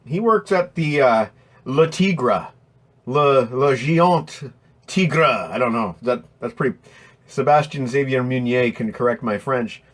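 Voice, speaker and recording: A man's voice: medium pitch, expressive, unhurried. A man hosting a casual live stream, rambling and swearing as he reads out chat names, his throat strained from voiceover work.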